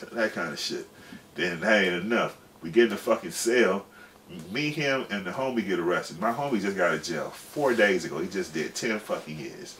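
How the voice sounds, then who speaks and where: A man's voice: low-pitched, a bit bright. A man in his forties, a guest telling a long, rambling story in profane, slangy casual speech. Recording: distant mic with faint background noise.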